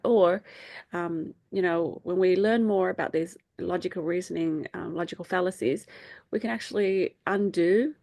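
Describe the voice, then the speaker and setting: A woman's voice: vocal fry, darkish tone, no echo. A middle-aged woman hosting a faith group over a video call, talking casually with many fillers and acting out quotes. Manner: chatty, many fillers, acts out quotes in a high voice.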